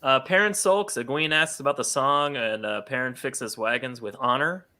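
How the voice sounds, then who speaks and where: A man's voice: medium pitch, moderate pace, sharp tone. A man co-hosting a casual podcast, recapping scenes in a rambling way. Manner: rambling recaps with acted-out quotes. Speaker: podcast co-host. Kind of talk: casual chat.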